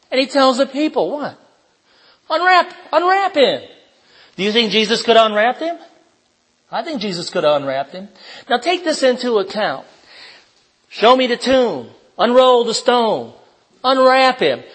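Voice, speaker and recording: A man's voice: high-pitched, low-quality recording. A man preaching an informal sermon in a conversational way, asking the listeners questions and telling personal stories.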